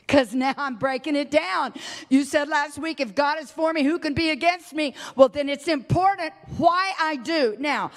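Woman preacher, high voice, slow emphatic delivery, long hall echo. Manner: swings from quiet talk to shouted prayer; emphatic, repetitive. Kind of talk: sermon.

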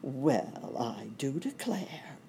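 A woman voicing a kindly, hopeful old gentleman rabbit with gentle exclamations. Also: very deep voice, big pitch swings, drawn-out words, creaky, a little hiss or hum, heavily acted. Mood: mild.

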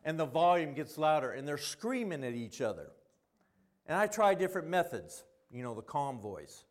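A middle-aged man preaching a sermon, telling stories and swinging between quiet asides and loud emphasis. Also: fairly high pitch, big pitch swings, normal speed.

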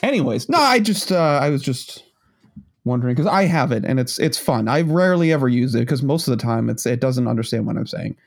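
A man chatting loosely on a podcast, his pitch bouncing up and down as he talks. He rambles, stops and restarts his sentences, and laughs easily. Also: animated, fairly quick, gravelly. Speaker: podcast co-host. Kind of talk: casual chat.

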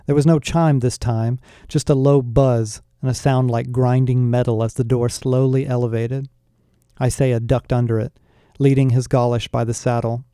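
Male narrator, wry storyteller, very dark mellow tone, dry close read. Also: mid-range voice, flat delivery, normal speed, clear, resonant tone, dry recording. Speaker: audiobook narrator. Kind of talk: scripted narration.

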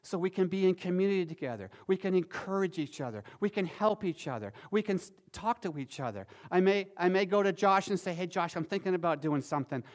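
A middle-aged man preaching a sermon as pastor, swinging between loud emphatic lines and soft, quiet ones. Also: high-pitched, fairly quick, hardly any pauses. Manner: animated, shifting from loud emphasis to soft near-whispers.

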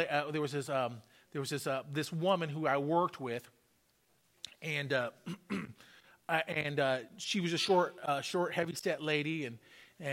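A man's voice: a little high, a bit bright. A man pastor preaching a sermon in a church, telling a testimony and repeating his points with emphasis. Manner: testimony storytelling, repetitive emphatic exhortation. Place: church sanctuary.

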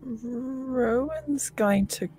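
A woman playing a tabletop game, measured and questioning. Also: sits high, warm tone, faint music behind. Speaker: player. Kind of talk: casual tabletop play.

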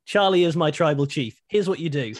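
A man's voice: on the high side, animated, fairly quick, no room sound, clean studio sound. A man co-hosting a podcast, chatting casually and animatedly, thinking aloud with frequent restarts. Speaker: podcast co-host. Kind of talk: casual wrestling chat.

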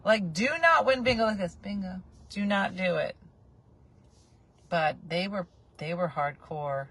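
A woman in her forties telling a casual, animated story from a moving car, often acting out the people she quotes. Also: fairly low pitch, measured pace, breathy edge. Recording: car road noise behind.

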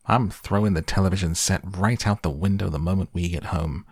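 A man voicing a blunt, exasperated father who shouts his complaints in an audiobook. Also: sits low, brisk, slightly rough, no room sound, clean studio sound. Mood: fed up. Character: blustering exasperated father, fed up. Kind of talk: audiobook character voice.

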